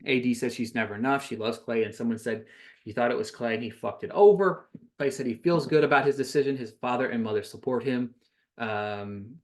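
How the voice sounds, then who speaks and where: A man hosting a podcast, casually recapping a reality show episode, rambling with many fillers and self-corrections, his voice rising when he gives his opinion. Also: brisk. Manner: gets louder and higher when giving his opinion.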